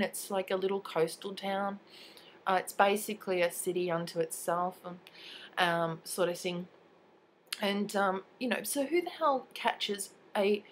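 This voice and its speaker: A woman's voice: medium pitch, slight background noise, poor audio. Ranting young Australian woman with a cold. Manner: indignant, swears freely. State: has a cold. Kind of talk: casual rant to camera.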